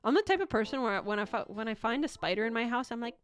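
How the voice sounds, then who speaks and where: A woman's voice: a little high, animated, fast talker, few pauses, faint music behind. A young woman streaming from home, chatting casually with viewers in a rambling, giggly way, with bursts of squealing baby talk.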